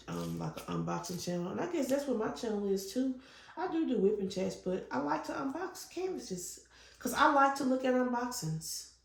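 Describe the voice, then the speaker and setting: A woman's voice: mid-range voice, vocal fry. A middle-aged woman hosting her crafting channel, rambling chattily with fillers and telling stories eagerly. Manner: gets loud and excited when retelling a scare. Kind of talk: casual chat while crafting. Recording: echoey room with faint noise.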